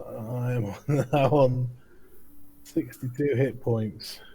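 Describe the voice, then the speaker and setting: Relaxed guy playing a tabletop game, slow, mellow voice. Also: mid-range voice, a little hiss or hum. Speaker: player.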